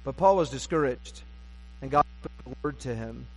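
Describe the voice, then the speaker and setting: A pastor preaches to his congregation in a church sanctuary with long reverb, speaking conversationally and self-deprecatingly with wry humor. His voice is medium-pitched with a darkish tone, at normal speed.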